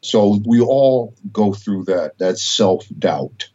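A middle-aged male professor speaks in a low, emphatic, preacherly way, weaving in biblical references. The recording is dull and lo-fi. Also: lively intonation, slow, darkish tone. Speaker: college professor. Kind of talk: inspirational storytelling interview.

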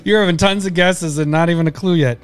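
A man's voice: high-pitched, fairly even intonation, fast talker, smooth. A man hosting a card-guessing game, chatting casually, teasing and laughing often. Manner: giggly, teasing. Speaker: host giving clues in a card-guessing game. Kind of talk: casual live-stream chat.

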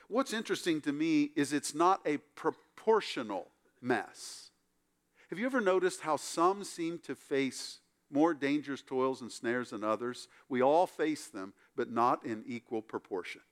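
Male pastor giving a sermon, slightly high, smooth voice, lively storytelling with wry asides. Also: measured pace.

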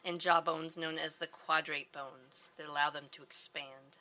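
A woman on a live podcast, explaining with halting starts and many fillers. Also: low voice, fairly even intonation, bright, forceful tone. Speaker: podcast co-host. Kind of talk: casual live podcast chat.

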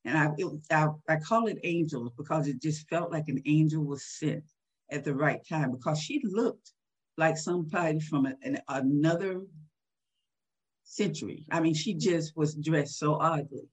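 A woman in her sixties, husky-voiced, recalling a personal story in a candid interview with a soft laugh now and then. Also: low-pitched, normal speed. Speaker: guest.

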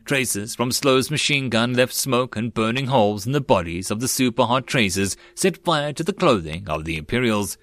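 A man narrating a web novel audiobook in a steady storytelling manner. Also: medium pitch, normal speed, hardly any pauses, no echo.

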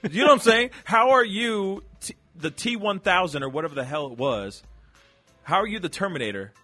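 A man hosting a podcast in casual chat, animated and breaking into playful impressions of actors. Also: high voice, brisk, soft background music. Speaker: podcast host.

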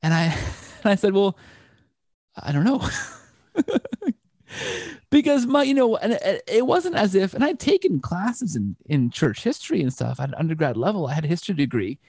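A man's voice: sits high, big pitch swings, moderate pace, a little mellow, no room sound, studio quality. A man telling a long personal story in an interview, full of restarts and asides. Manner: rambling, frequent restarts. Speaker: interview guest. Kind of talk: conversational storytelling.

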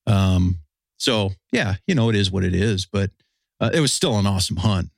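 A man's voice: deep voice, animated, moderate pace, gravelly, no room sound, clean studio sound. A man telling a long hunting story in casual chat, rambling and full of fillers.

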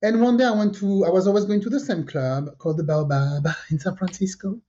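A woman tells a personal story in a relaxed podcast chat, slipping into the voices of the people she quotes. Her pitch sits in the middle range for a woman. The recording sounds a little dull and lo-fi. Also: fairly quick, husky. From French Caribbean. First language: French. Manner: lively storyteller who acts out quoted dialogue. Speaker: podcast co-host.

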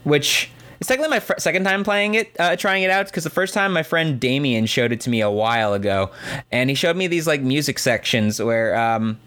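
A man's voice: a little high, lively intonation, brisk, a bit bright. A man co-hosting a podcast in casual chat, rambling with many fillers and restarts and laughing easily. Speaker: podcast co-host.

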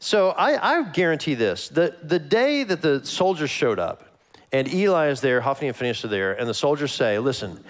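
A man preaching a conversational sermon as a pastor, animated and acting out the lines he quotes. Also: on the high side, moderate pace.

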